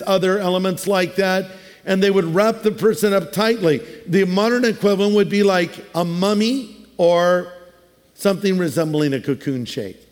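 Man, pastor, sermon, high voice, chatty storytelling, jokey asides, long reverb hall. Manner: conversational storytelling with humorous asides.

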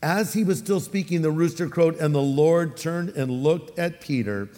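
A man with a Californian accent preaching a sermon as a pastor, animated and acting out the voices he quotes. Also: on the high side, normal speed, big-room sound.

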